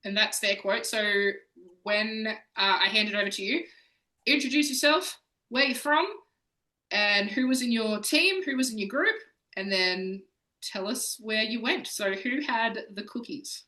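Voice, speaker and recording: Bright-voiced woman hosting. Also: medium pitch, unhurried, poor audio. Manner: excitable, chatty, laughs often. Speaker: host of an online games night. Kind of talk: casual hosting.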